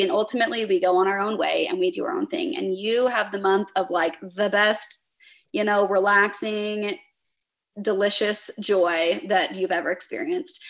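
Woman, podcast guest, mid-range voice; an animated storyteller who voices both sides of her anecdotes. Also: mid-range voice, normal speed. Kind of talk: casual conversation.

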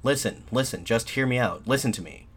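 A man plays a defiant nationalist shouting down to soldiers from a balcony, pleading with impassioned fervor. His voice is fairly low and moves at normal speed.

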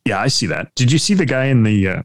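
A man's voice: mid-range voice, big pitch swings, quick pace, no echo. Joking guy riffing in a casual chat, voice swings up and down, dry mic. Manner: playful, joking, theatrical. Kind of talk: casual chat reacting to a video.

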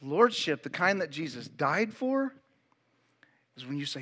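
A man's voice: on the high side, big pitch swings, measured pace, slightly rough. A pastor in his forties preaching a sermon, emphatic and fervent, repeating key phrases and urging his listeners to pay attention. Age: 40s. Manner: builds to loud, fervent preaching.

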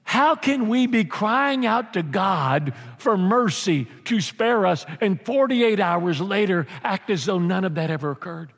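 Preaching at a measured pace with few pauses, this pastor sounds lively and playful, dropping into small character voices now and then. His voice runs fairly high for a man, carries some vocal fry, and echoes with the long reverb of a church hall.

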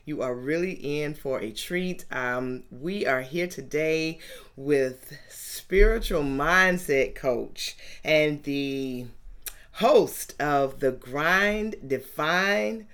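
A woman's voice: low-pitched, very slow, fairly bright tone, clear, resonant tone. A middle-aged woman from Georgia, hosting a podcast interview in an upbeat, emphatic way. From Georgia, USA. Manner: upbeat, emphatic, sing-song intro. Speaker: podcast host.

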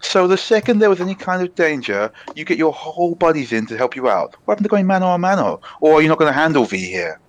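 A man's voice: a little high, very animated, fast, hardly any pauses, slight background noise. A man playing a tabletop game, chatty and joking as he argues his character's case. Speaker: player. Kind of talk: tabletop game role-play.

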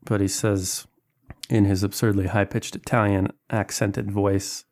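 A man's voice: lowish voice, little pitch movement, unhurried, a little mellow. A man running a tabletop horror game as game master, narrating with frequent fillers and restarts.

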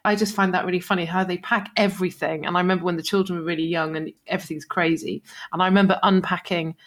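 A woman's voice: lowish voice, fast talker. A middle-aged woman co-hosting a podcast in casual chat, talkative, laughing often and acting out quoted remarks. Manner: chatty, laughs often, quotes herself in animated asides. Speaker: podcast co-host, social enterprise founder.

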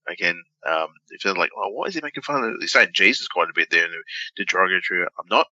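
A man's voice: deep voice, lively intonation, quick pace, sharp tone, no echo, dull audio. A man co-hosting a podcast in a blunt, joking, swearing way. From Australia. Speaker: podcast co-host. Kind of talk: casual chat.

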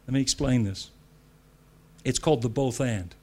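At normal speed and in a mid-range voice, an American man preaches a sermon to church leaders. He's emphatic yet conversational, repeating phrases for effect, adding asides, and building to loud declarations.

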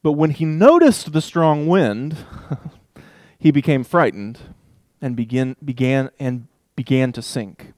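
A man teaching a Bible passage in a relaxed, conversational way, reading verses aloud and thinking out loud with asides. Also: medium pitch, slow pace, no room sound, studio quality. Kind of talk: casual Bible study talk with scripture reading.

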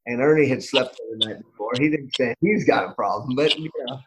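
A man's voice: medium pitch, fairly quick, noisy background. Middle-aged male host, mid-range voice, chatty and meandering, full of false starts. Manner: rambling storyteller with many restarts. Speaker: podcast host. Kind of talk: casual podcast conversation.

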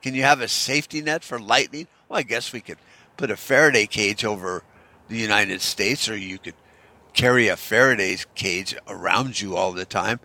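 A man's voice: on the low side, moderate pace, bright, forceful tone. A middle-aged man in a casual opinion monologue, ranting bluntly and swearing freely as he talks. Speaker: vlogger.

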